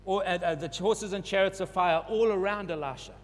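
A man's voice: high-pitched, fairly quick. A man preaching a sermon, repeating phrases and building to urgent emphasis. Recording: long hall reverb, faint hum.

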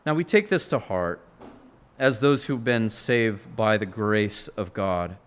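A man's voice: fairly low pitch, animated, takes it slowly, clean tone. A man preaching a sermon, earnest and expository, rising to emphatic peaks and often restarting his words. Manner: frequent restarts and repeated words.

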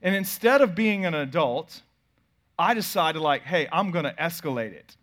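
A pastor in his thirties telling a family story in a sermon, swinging from loud bursts to quiet asides. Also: on the high side, expressive, normal speed.

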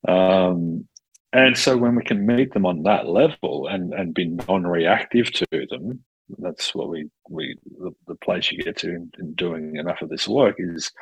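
A man hosting a casual conversation, animated and quick to act out dialogue, often restarting his sentences. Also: low-pitched, rough recording. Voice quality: gravelly, husky. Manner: animated, self-interrupting, acts out quoted dialogue, swears casually.

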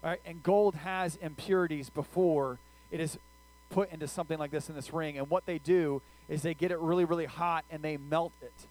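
A middle-aged man preaches in a relaxed, conversational way and often turns to ask his listeners questions. His voice sits a little higher than most men's. A faint electrical hum runs under the recording. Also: brisk, low-quality recording. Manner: conversational, asks the audience questions. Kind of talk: sermon.

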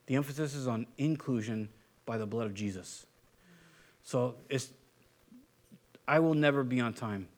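Conversational male pastor preaching. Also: a little high. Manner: conversational, repeats himself, asks the room "right?"; drops softer and quieter for the closing prayer. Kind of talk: sermon.

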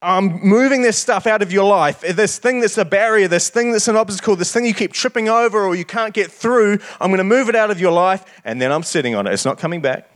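A man voicing a confident male angel who declares he is clearing obstacles away. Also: high-pitched, expressive, a little fast, few pauses, voice pushed up. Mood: emphatic. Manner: emphatic, declaring.

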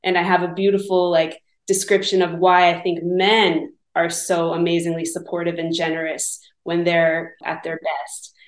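A woman's voice: fairly low pitch, flat delivery, echoey room. A woman hosting a podcast interview, curious and affirming, asking questions in a casual, chatty way. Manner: curious and affirming, quick back-channel responses. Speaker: podcast host.

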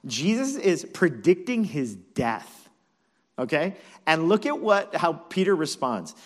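A male pastor preaching a sermon, retelling scripture as conversational, animated storytelling. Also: on the high side, slow.

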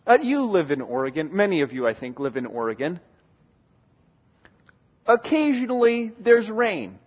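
A man's voice: sits high, sing-song, normal speed, husky, highs cut off. A pastor preaching a sermon to his church, earnest and emphatic, repeating key phrases for weight. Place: church in Oregon.

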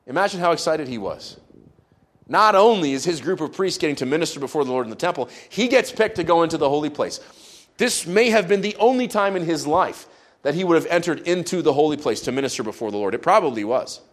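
Male preacher, slightly high voice; conversational, storytelling sermon. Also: lively intonation, quick pace. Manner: conversational storytelling with playful asides.

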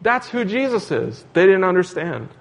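A man's voice: sits high, sing-song, moderate pace, gravelly. A man preaching a sermon in an earnest, repetitive cadence, asking questions as he goes. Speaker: pastor.

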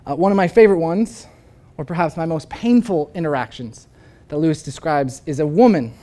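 Warm-voiced pastor preaching. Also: male voice, on the high side, a little fast. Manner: storytelling, earnest. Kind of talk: sermon.

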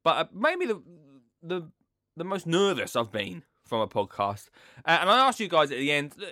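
A man's voice: fairly high pitch, wildly swooping pitch, moderate pace, pushed and bright, dry recording, studio quality. A young man hosting a podcast in casual chat, jokey and chatty, often interrupting himself. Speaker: podcast host.

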